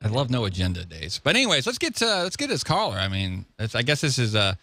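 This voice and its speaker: Chill radio host guy, super lively voice, bright tone, says dude a lot. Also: mid-range voice, quick pace, no echo. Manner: laid-back, jokey, says dude and man. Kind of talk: casual radio talk show.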